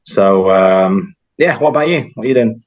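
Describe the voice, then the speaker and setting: A man in his thirties from northern England chatting casually as a guest on a video call, relaxed and rambling with plenty of fillers. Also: fairly low pitch, moderate pace, rough recording. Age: 30s. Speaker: guest, host's childhood friend. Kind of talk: casual chat.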